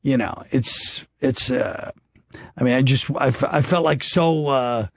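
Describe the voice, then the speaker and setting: A man's voice: medium pitch, unhurried, dry recording, studio quality. An American man, a comedian guest on a podcast, telling rambling stories with laughs and restarts. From United States. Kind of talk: casual comedy podcast chat.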